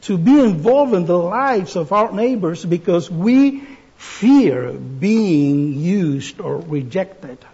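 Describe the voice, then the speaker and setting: Slow-speaking man preaching, husky voice. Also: high-pitched, sing-song, mellow, highs cut off. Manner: slow, deliberate delivery with pauses and restarts. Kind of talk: sermon.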